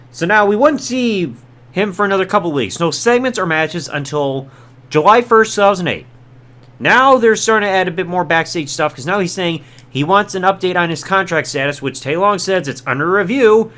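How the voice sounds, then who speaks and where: A man hosts a podcast and tells a story in a chatty, casual way, full of quick asides. His voice sits high and swings in a wide, animated range. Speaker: podcast host. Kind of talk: casual recap of old wrestling storylines.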